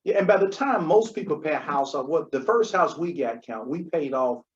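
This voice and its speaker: A man's voice: fairly high pitch, animated, normal speed. Emphatic man giving money advice. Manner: emphatic, repeats key points, asks "Okay?". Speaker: podcast co-host. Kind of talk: conversational financial advice. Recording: dull lo-fi recording.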